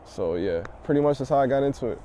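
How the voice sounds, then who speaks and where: A young man from the DMV area, a rap artist, answering interview questions in a loose, profane, animated way. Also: medium pitch, quick pace.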